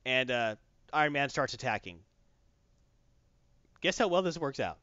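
A man's voice: mid-range voice, expressive, normal speed, pauses often, bright, forceful tone, no echo. A man in a casual chat, animatedly retelling a comic story and quoting its characters, on a dull lo-fi recording. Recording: dull lo-fi, dry.

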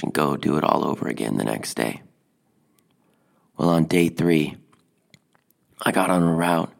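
A man telling a personal anecdote in a deadpan, hesitant way, with frequent fillers. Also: a bass voice, gravelly. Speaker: storyteller.

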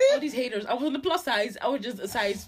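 Lively high-voiced woman. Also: fairly quick. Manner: animated storyteller, laughs often, mixes in Dutch. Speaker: co-host. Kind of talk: casual chat.

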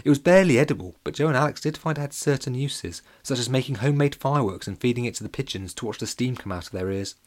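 A man's voice: medium pitch, quick pace, hardly any pauses. A man narrating a children's audiobook in a playful, jokey way. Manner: playful and jokey, with lively voices.

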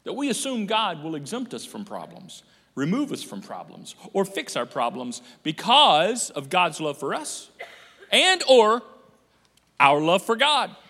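Animated high-voiced pastor in a hall. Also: male voice, unhurried. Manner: animated, jokey, acts out quoted people. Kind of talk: sermon. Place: church auditorium. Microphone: handheld microphone on stage. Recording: echoey church hall.

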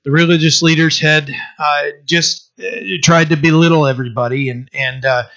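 A man preaching a sermon in a halting way, with many fillers and restarts. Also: a little high, fairly even intonation, creaky, pushed and bright, muffled recording. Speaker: pastor.

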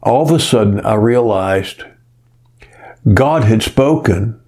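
A male pastor preaching a sermon, telling stories earnestly and often pausing on "uh". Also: fairly low pitch, expressive, mellow. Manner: earnest storytelling, frequent "uh" pauses.

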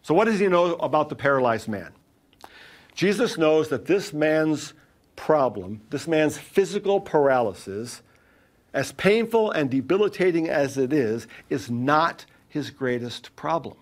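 A middle-aged man preaching a sermon in an earnest way, with dramatic pauses and shifts between loud and quiet. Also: on the high side, animated. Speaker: pastor.

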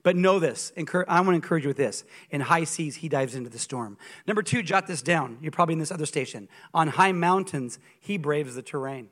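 A guest preacher, a man with a high, bright voice, delivering a sermon through lively stories. He is humorous and emphatic, pressing his points home with a forceful ring. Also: a little fast, hardly any pauses. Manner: animated storytelling, humorous and emphatic.

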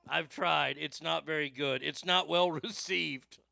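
A man's voice: on the high side, steady tone, a little slow, gravelly, bright, forceful tone, no echo. A Southern man hosting casual commentary in a profane, rambling way, stammering often, close to the mic. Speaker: host.

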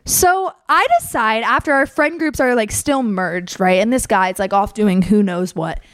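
A woman's voice: medium pitch, a little slow, clean tone, no room sound. A young woman telling a casual story in a chatty way, packed with fillers and acted-out quotes. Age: young adult.

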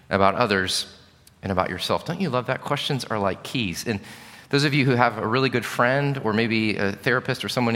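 Male pastor, middle-aged, reflective sermon, bright voice. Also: medium pitch. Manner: earnest storytelling, candid and reflective. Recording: long reverb of a large hall.

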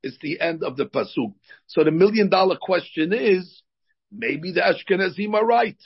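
Rabbi guy explaining stuff chatty, kinda raspy, a bit high for a man. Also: expressive, normal speed. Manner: explanatory, conversational, with frequent fillers. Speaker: rabbi teaching a class. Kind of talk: religious lesson with personal anecdote. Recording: dull lo-fi recording.

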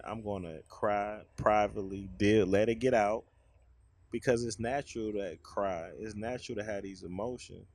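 A man's voice: fairly low pitch, no echo. A man, sharing his opinions frankly in a casual conversation. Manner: frank, opinionated, explains his view at length.

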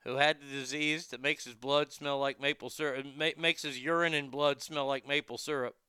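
Fifty-something guy hosting his show, swears a lot and acts out voices, super crisp voice, dry close sound. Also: medium pitch, moderate pace, no room sound. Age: 50s. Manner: animated storyteller, acts out callers' voices; blunt and profane. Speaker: show host. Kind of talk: casual chat reading viewer comments.

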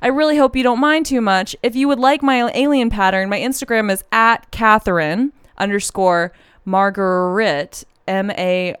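A woman's voice: a little high, moderate pace, a bit bright, smooth, no echo, clean studio sound. Effusive woman reading listener mail. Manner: effusive, reads listener mail aloud, tearful when moved. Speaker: podcast co-host. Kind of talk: casual chat. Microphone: handheld mic.

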